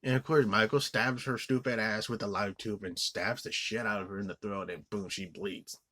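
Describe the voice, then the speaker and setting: A man's voice: lowish voice, fairly even intonation, moderate pace, sharp tone, no echo. A man giving an angry, profane movie review rant, rambling with many restarts and fillers. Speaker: film reviewer.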